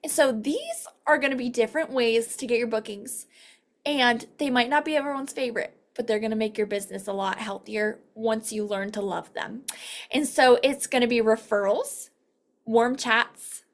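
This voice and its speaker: A woman's voice: on the high side, moderate pace. A woman leading a casual online sales training over a video call, upbeat and chatty, acting out quoted dialogue as she explains.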